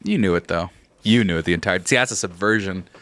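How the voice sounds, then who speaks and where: A man's voice: sits low, fast, a bit bright, dry recording. A tired man hosting a podcast, rambling, laughing and swearing in casual chat. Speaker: podcast host.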